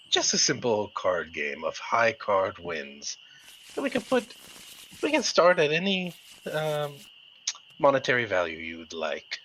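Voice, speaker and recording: A man plays his character in a tabletop game with smooth, courtly persuasion. His pitch leaps around with great liveliness. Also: pushed and bright, slight background noise, poor audio. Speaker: player. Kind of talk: in-character tabletop role-play.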